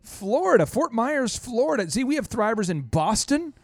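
A man hosting a business talk show, upbeat and animated, telling stories with quick restarts. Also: extremely high pitch, dry recording. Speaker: show host.

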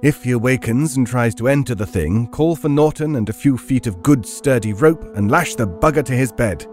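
A man voicing a stern, commanding investigator giving clipped orders in a lowered voice. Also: moderate pace, a little mellow, faint music behind, lightly acted.

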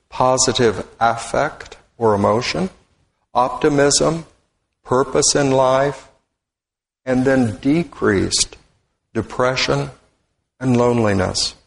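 Man, minister, sermon, slow measured delivery, roomy church with long reverb. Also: mid-range voice, creaky. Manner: deliberate, speaks in short measured phrases. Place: church sanctuary. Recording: echoey hall with long reverb.

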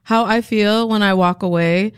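Soft-spoken heartfelt woman. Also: medium pitch, fairly even intonation, normal speed, smooth. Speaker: mentor volunteer. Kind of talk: casual chat.

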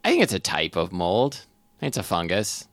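A man co-hosting a comedy podcast, chatting playfully and tossing in quick jokes. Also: low-pitched, wildly swooping pitch, fairly bright tone, no room sound. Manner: playful, quick quips and laughs. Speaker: podcast co-host. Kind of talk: casual comedic chat.

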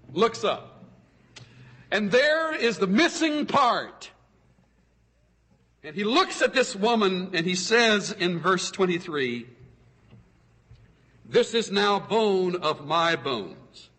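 A man preaching a sermon as a pastor, with expressive delivery that swings from soaring exclamations to hushed, intimate asides. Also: high-pitched, slightly rough, big-room sound.

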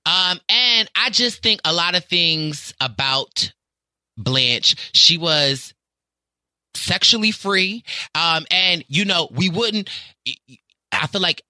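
Animated bright-voiced man with a Southern accent. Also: sits high, takes it slowly, dry recording. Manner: theatrical, laughing, emphatic. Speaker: podcast guest. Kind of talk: animated casual chat.

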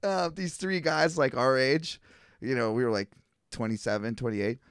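A man's voice: medium pitch, fairly even intonation, normal speed, fairly bright tone, clear, resonant tone, no echo, clean studio sound. A young man telling a wild story in casual chat, rambling, laughing and swearing freely.

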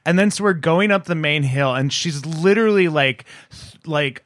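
A man's voice: fairly high pitch, moderate pace, fairly bright tone, no room sound. A man telling a rambling anecdote in a casual chat.

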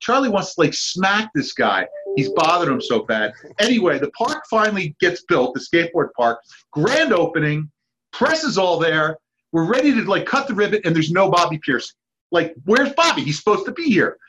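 A man in his fifties, a guest on a podcast, telling lively anecdotes and acting out the people in them. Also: high-pitched, normal speed, highs cut off, slight background noise. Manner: lively anecdotes with acted-out quotes and laughs. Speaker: guest, park founder's son. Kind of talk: animated storytelling.

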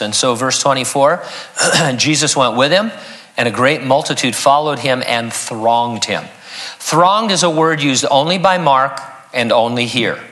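A man's voice: medium pitch, sharp tone. A man preaching an expository sermon as a pastor, earnest and teaching, reading scripture aloud.

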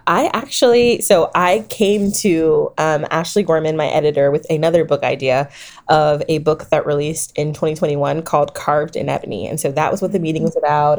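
Author guest, woman in her thirties with a low voice, animated storyteller who acts out what people said. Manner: animated storyteller, laughs often, acts out quotes. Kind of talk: conversational interview storytelling.

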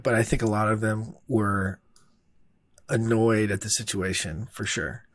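A man tells a production story in a loose, rambling way, with fillers and casual swearing. His voice sits a little low. The recording is dry and close, with no room sound. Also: normal speed, no echo. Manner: rambling, laid-back, heavy on fillers and swearing. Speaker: filmmaker telling a production story.

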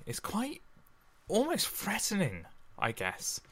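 A man's voice: on the high side, wildly swooping pitch, slow pace. A man co-hosting a podcast, reading a sonnet aloud and then chatting in a giggly, self-deprecating way. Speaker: podcast co-host. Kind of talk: casual chat and poetry reading. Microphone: headphones and studio microphone.

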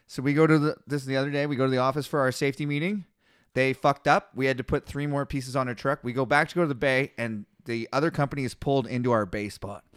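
A man's voice: mid-range voice, steady tone, fast talker, clean tone, no room sound, studio quality. A man who is a comedian and podcast host, telling a rambling, profanity-laced story in casual chat.

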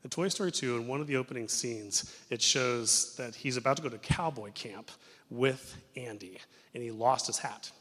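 A young adult man preaching a sermon in a church as pastor, telling stories in an animated way that moves between loud and hushed. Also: medium pitch, normal speed. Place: church sanctuary. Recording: reverberant church sanctuary.

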